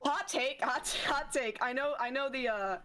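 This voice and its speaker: A woman streamer in casual chat, animated and swearing often, with frequent laughs. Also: high-pitched, normal speed, a loud crowd.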